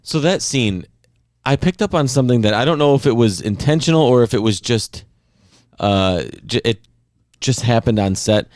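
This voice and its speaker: A man's voice: mid-range voice, expressive, moderate pace, a little mellow, no room sound, studio quality. A man co-hosting a podcast in casual chat, blunt and profane in his jokes. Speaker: podcast co-host.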